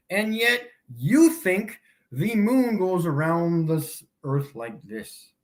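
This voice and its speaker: Slow-talking mocking male streamer. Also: sits high, animated. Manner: mocking, laughs often at his own points; repeats himself slowly for emphasis. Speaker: livestream host. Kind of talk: casual livestream demonstration.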